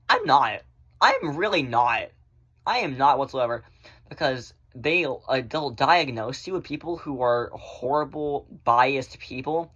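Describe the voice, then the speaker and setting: A man chatting casually in a vlog, rambling through viewer questions and swearing freely, often in fast bursts. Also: medium pitch, big pitch swings, fairly bright tone. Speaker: vlogger answering viewer questions. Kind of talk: casual chat.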